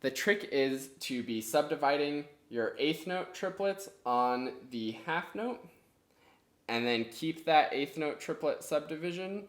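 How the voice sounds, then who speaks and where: A man's voice: fairly high pitch, lively intonation, measured pace. Clarinet teacher man in an echoey room. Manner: patient, explains step by step, counts rhythms aloud. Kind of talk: online music lesson.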